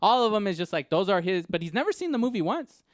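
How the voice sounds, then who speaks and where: A man co-hosting a podcast in casual chat, telling stories in an excitable, rambling way. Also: high-pitched, fast talker, no room sound, clean studio sound. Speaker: podcast co-host.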